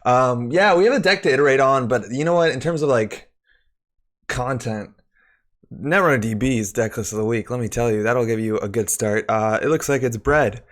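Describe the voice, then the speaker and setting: A man's voice: mid-range voice, moderate pace. A man hosting a live stream, chatting about a card game and greeting viewers by name, slightly out of breath. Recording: faint music behind.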